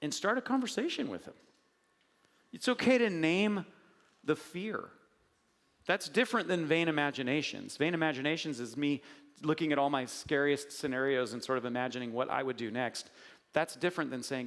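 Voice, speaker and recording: A middle-aged man preaching a conversational sermon as a pastor, animated and joking as he tells stories with acted asides. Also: on the high side, normal speed. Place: church sanctuary. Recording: church hall reverb.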